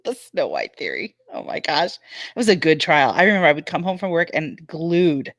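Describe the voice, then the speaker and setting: A woman hosting a casual panel chat over a video call, enthusiastic and quick to agree. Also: deep voice, sing-song, dry recording, studio quality. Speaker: panel host.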